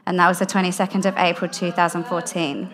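A young woman, a guest in an interview, candidly telling a personal story in casual, animated storytelling with frequent laughs. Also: fairly low pitch, quick pace, heavy background noise. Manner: candid, animated, laughs often, drops softer in heartfelt parts.

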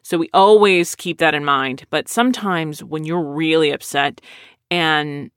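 A woman casually telling a story in a blunt, sardonic, animated way. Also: low voice, unhurried, smooth, dry recording, studio quality.

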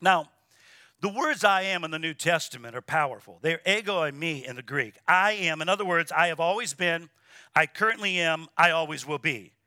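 Man, pastor, sermon, high voice, emphatic preaching, dry close sound. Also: animated, moderate pace, sharp tone, no room sound. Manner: emphatic preaching, repeats words, asks congregation to respond. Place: church sanctuary.

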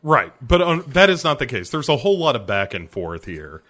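A man's voice: mid-range voice, very animated, brisk, bright, forceful tone. A man co-hosting a casual movie-review podcast, often breaking into laughter as he talks. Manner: laughs often while talking. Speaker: podcast co-host.

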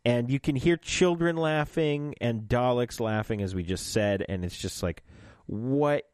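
A man's voice: mid-range voice, moderate pace, a little mellow, clean tone, dry recording, clean studio sound. A man co-hosting a podcast, chatting casually and animatedly, often laughing as he recaps a story. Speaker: podcast co-host. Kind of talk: casual chat recapping an audio drama.

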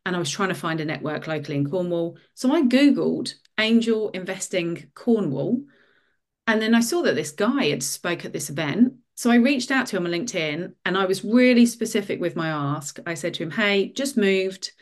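Lively lower-pitched woman giving advice. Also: normal speed. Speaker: guest, author. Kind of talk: casual interview talk.

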